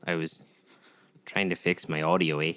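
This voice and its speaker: A man's voice: low voice, level tone, normal speed, sharp tone, clean tone, no echo, clean studio sound. A man co-hosting a podcast, speaking sheepishly and stumbling over his words. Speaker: podcast co-host. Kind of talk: casual podcast chat.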